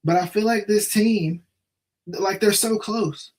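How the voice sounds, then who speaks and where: A man's voice: high voice, slow. A man hosting a casual live stream about his football team, talking in a frustrated, repetitive way with many restarts and tag questions. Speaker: sports show host.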